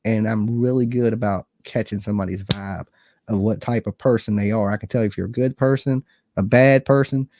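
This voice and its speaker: A man's voice: medium pitch, darkish tone, no room sound, studio quality. A man, hosting a true crime channel and chatting bluntly and casually, with plenty of swearing. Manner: blunt, profane, conversational, reads chat comments aloud. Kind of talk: casual livestream chat.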